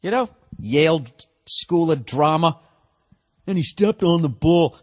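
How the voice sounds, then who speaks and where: A man rants in an exasperated, profanity-laced comic monologue, firing off rhetorical questions. His voice sits a little higher than most men's. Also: animated, measured pace, long pauses, no echo. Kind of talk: profane comedic rant.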